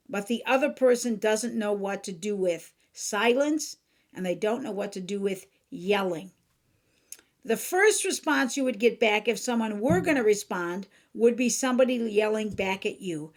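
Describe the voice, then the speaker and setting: Woman life coach doing a solo podcast, earnest and teachy, voice sits a bit high. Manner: earnest and instructive, acts out examples.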